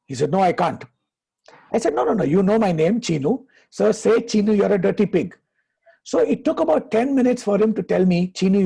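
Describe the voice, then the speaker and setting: A man, a happiness coach giving advice and telling stories in a deliberate way, slowing down for emphasis. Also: sits high, creaky, mellow, slightly rough. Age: 50s. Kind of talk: conversational advice, storytelling.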